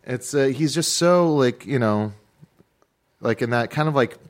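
A man's voice: mid-range voice, unhurried. A man in casual podcast chat, rambling and hesitant, full of fillers as he talks.

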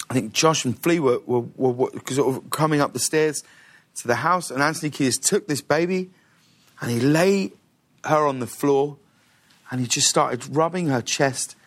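A man, a talk show guest telling a story with lots of restarts in a television studio. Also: medium pitch. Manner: lively anecdotal telling with restarts and acted-out quotes. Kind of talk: animated storytelling in a studio interview.

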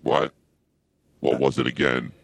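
A man voicing a creepy, menacing male thriller villain in a deep, gravelly drawl. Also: flat delivery, measured pace, no room sound, full character voice.

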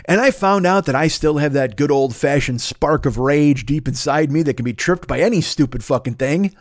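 A man's voice: fairly high pitch, moderate pace, hardly any pauses, no room sound, studio quality. A man hosting a podcast, telling a story as a profane rant and swearing constantly. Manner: animated, swears constantly, builds to shouting. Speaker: podcast host.

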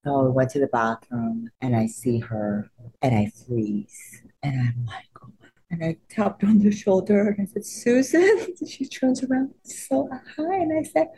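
Animated low-voiced actress telling stories. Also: female voice, normal speed. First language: not English. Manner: animated, breathless retelling with lots of laughter; acts out her own high, excited reactions in quotes. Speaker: soap opera actress, guest. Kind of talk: casual interview storytelling.

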